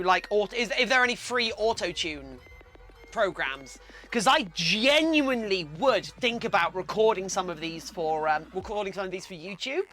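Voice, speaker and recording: A woman's voice: mid-range voice, bright, forceful tone. A woman who makes fursuits, chatting casually on her livestream, reading chat aloud in a scattered way and breaking into silly sung bits. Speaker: fursuit maker streaming her work. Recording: music playing faintly behind.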